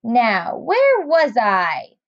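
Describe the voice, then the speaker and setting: A plucky, stubborn little snail from a storybook, chirpy and bright, his voice leaping up and down with excitement, as a woman reads him aloud. The sound is dry and close, a little dull and lo-fi, and he speaks slowly. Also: a little high, dry recording, exaggerated voice. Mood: determined. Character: determined little male snail, cheerful and stubborn.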